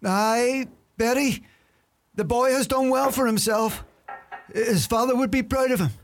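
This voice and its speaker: A man acting out a sly, work-shy old Irish uncle with a strikingly high, reedy voice. He mutters dry, grumbling wisecracks in a thick Irish accent, like a comedy sketch character. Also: a little slow. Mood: wry. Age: older.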